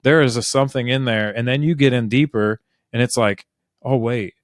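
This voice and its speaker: Man from Ohio, co-host, rambling and casual, mid-pitched, dry close mic. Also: a little fast, no echo. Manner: rambling storyteller, many fillers like "like". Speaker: podcast co-host. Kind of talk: casual conversation.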